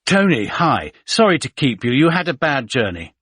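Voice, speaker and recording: A man voicing a gangly, flustered businessman who talks in a hurried, placating way. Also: medium pitch, sing-song, fairly bright tone, slightly rough, dry recording, clean studio sound, voice pushed up. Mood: eager.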